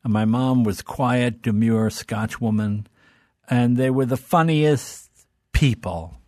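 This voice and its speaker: Older man, guest, animated storyteller, does voices, dry studio sound. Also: mid-range voice, takes it slowly, no room sound. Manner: animated, fond of doing voices. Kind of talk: storytelling in casual conversation.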